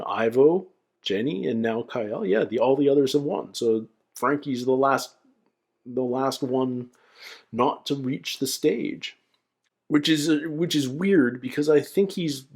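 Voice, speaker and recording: A man's voice: mid-range voice, darkish tone, husky. A man hosting a reaction video, musing aloud in a chatty, self-deprecating way. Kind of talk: casual commentary.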